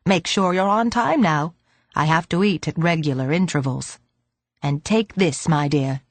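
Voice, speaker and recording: A woman's voice: sits low, measured pace, dry recording. A woman reading an audiobook, voicing a very old man who speaks dryly and fretfully. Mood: kindly. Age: older. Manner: dry, fretful.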